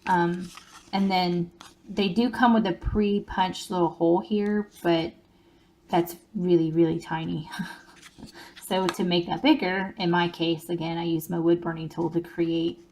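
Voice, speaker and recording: Folksy woman with a gravelly voice. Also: on the low side, fairly even intonation, a little slow, dark tone. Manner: chatty, folksy, with fillers and small laughs. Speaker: craft video host. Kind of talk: casual crafting tutorial.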